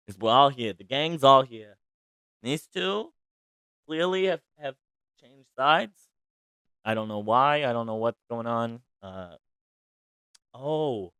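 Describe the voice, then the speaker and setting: A man hosting a celebrity gossip podcast in casual chat, chatty and dramatic, swinging between loud outbursts and soft asides. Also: mid-range voice, clear, resonant tone, dry recording. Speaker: podcast host.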